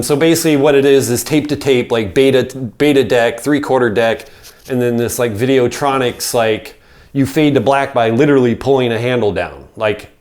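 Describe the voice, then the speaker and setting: Chatty middle-aged man telling a story. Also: mid-range voice. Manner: rambling, peppered with "like" and swearing. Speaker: podcast guest. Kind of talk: casual storytelling.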